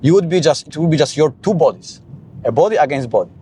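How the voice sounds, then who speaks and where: Man talking in a car, quick and animated. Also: a little high, slight background noise. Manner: animated, frequent restarts and "you know". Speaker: podcast guest. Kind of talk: casual conversation.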